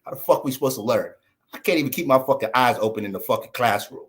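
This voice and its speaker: A man's voice: lowish voice, fast talker. An American man, an astrologer, ranting in a casual livestream, joking, cursing and laughing as he goes. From United States. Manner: profane, joking, animated.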